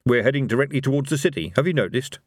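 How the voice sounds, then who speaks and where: A man voicing an earnest, cheerful young guard with a bright, eager way of talking. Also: medium pitch, expressive, very fast, no echo, studio quality, voice pushed up, lightly acted.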